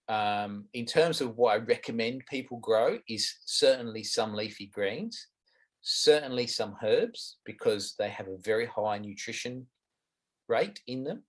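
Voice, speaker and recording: A middle-aged Australian man answering interview questions about gardening, frank and explanatory. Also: fairly low pitch. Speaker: guest gardening expert.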